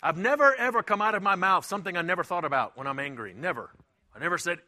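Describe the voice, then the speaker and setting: A middle-aged male pastor preaches a sermon in a high, animated voice, speaking quickly with a sharp tone. He is emphatic and repeats himself, sometimes acting out the voices of the people he quotes.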